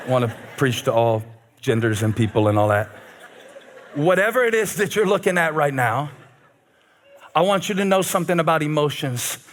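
Male pastor, high and very expressive voice; humorous, animated sermon delivery. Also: moderate pace, pauses often. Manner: animated and humorous, shouting at peaks.

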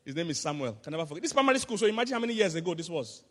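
A man preaching a sermon as pastor, telling animated stories with laughter and sudden shouts. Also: a little high, very fast. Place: church hall. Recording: long hall reverb.

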